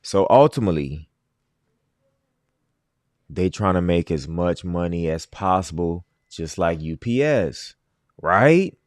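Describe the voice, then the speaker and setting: Low-voiced man hosting a livestream. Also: expressive, slow pace, long pauses, no room sound, clean studio sound. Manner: emphatic, repeats his points. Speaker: livestream host. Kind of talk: casual livestream commentary.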